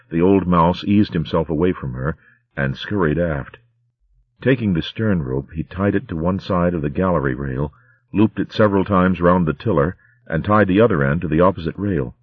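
A man reading a story aloud in a steady, measured audiobook narration. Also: low voice, slightly rough, no room sound, dull audio.

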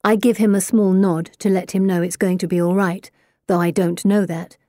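A woman reads scripted first-person narration for an audiobook, steady and even-paced, her voice fairly low. The studio sound is clean, with no room sound at all.

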